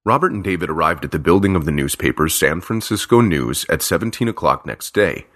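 A man narrating a simple graded story slowly and carefully for language learners. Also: low voice, expressive, fairly bright tone. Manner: slow, careful, evenly paced reading.

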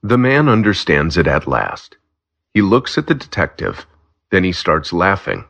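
A man narrating a simple graded story for language learners, slow and clear. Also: deep voice, huge pitch swings, fairly bright tone.

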